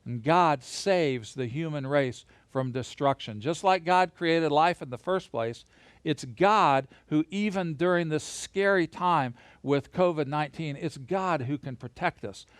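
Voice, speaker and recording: A man teaching a Bible lesson to children and families, lively and encouraging, guiding them through hand motions as he talks alone into a camera. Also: fairly high pitch, unhurried, dry recording. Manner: lively, gesture-led, encouraging.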